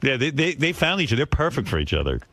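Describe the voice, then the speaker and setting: A man's voice: mid-range voice, wildly swooping pitch, quick pace, heavy background noise. A man hosting a talk radio show, teasing and provoking a caller in a dry, needling way. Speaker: radio host.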